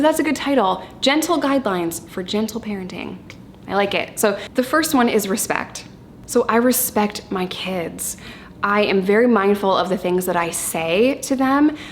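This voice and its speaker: A woman in her thirties talking candidly and casually to camera about her parenting, chatty and quick to laugh. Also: medium pitch, a little hiss or hum. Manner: candid, chatty, laughs easily, occasional swearing. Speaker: parenting vlogger.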